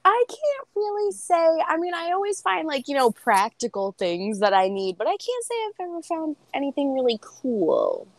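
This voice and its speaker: A woman's voice: sits high, big pitch swings, normal speed, few pauses, dry recording. A woman co-hosting a podcast in a casual chat, giving brief, easygoing replies with a laugh. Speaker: podcast co-host.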